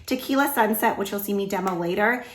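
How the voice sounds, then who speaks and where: A woman beauty vlogger chatting casually through a makeup tutorial, full of "like" fillers, a little hoarse as she says she is losing her voice. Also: medium pitch, fast talker.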